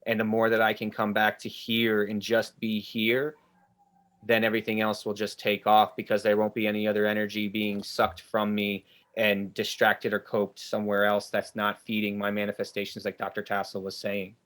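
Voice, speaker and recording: A man with a low, fairly flat voice hosts a spiritual ceremony over a video call. He speaks in an earnest, reflective way and reads the group's comments out loud. He keeps a steady, even delivery. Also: moderate pace. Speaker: ceremony host.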